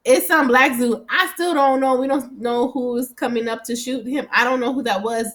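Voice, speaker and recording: A woman casually recapping a TV episode at home, chatty and animated, often laughing and swearing as she quotes the characters. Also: a little high, normal speed. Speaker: TV recap vlogger. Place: home room.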